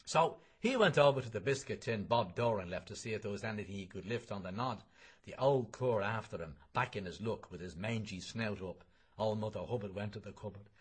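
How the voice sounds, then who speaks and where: A man's voice: on the low side, a little fast, breathy edge. A man reading a novel aloud in a wry, conversational storytelling way. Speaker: reader.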